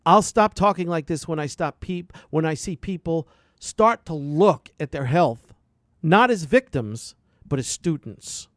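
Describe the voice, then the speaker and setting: A man's voice: fairly high pitch, expressive, measured pace, dry recording. A man hosting a radio health show, delivering an impassioned, repetitive, preachy monologue into a studio microphone.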